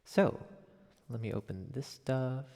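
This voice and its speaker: A man's voice: medium pitch, slow pace, creaky, a little mellow, long reverb tail. A young man from Connecticut chatting casually on a piano livestream from home, upbeat and chatty with gleeful exclamations. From Connecticut, USA. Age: young adult.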